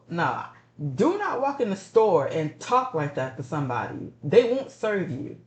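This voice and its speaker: A man's voice: normal speed, echoey room. A man streaming and chatting casually, ranting about rude messages and repeating himself. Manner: ranting, repeats himself, animated pitch jumps.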